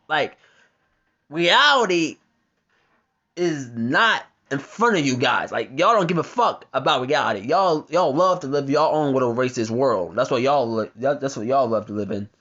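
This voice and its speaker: A man's voice: mid-range voice, animated, normal speed, fairly bright tone, highs cut off. A man doing reaction commentary on a news article, ranting with heavy profanity and stumbling over his reading. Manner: stumbles while reading aloud. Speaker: commentary vlogger.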